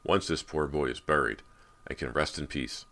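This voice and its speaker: Brief: narrator doing a level-headed dad, very deep voice, reassuring explanations. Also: male voice, fairly even intonation, normal speed, gravelly, pushed and bright, full character voice. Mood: calm. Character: calm, rational middle-aged father.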